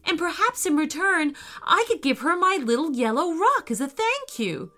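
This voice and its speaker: A woman's voice: very high voice, big pitch swings, moderate pace, bright, forceful tone, soft background music, pitched above the performer's own voice, full character voice. A woman voicing a big female meat-eating dinosaur who moans and wails in theatrical self-pity. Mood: gentle.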